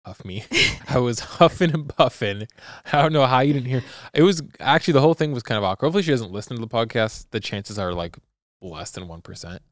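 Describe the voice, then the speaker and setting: Animated man telling a story. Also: mid-range voice, quick pace, no room sound, clean studio sound. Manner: animated, acts out sounds and quotes. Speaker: podcast co-host. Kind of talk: casual storytelling chat.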